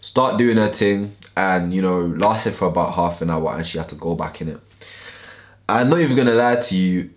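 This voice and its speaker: A man's voice: low-pitched, normal speed. A young man telling a storytime vlog in heavy slang, acting out the voices in his story. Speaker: YouTuber.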